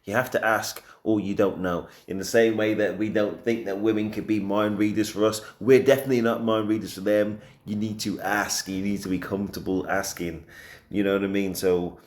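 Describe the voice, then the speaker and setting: A man casually reacting to a clip, chatty and amused, thinking out loud. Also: on the low side, steady tone, fairly quick, echoey room. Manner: chatty and amused, musing aloud. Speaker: reaction video host.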